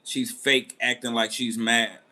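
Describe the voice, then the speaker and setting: A man's voice: medium pitch, level tone, unhurried, pushed and bright. A man hosting a boxing channel, telling a story in casual commentary with a laid-back manner, acting out quotes now and then.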